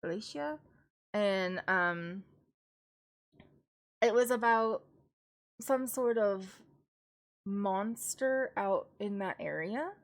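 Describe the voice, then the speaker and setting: A woman's voice: mid-range voice, extremely slow, pauses often. A woman casually reviewing books on a live stream, chatty and rambling, with frequent laughs and restarts. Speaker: book streamer.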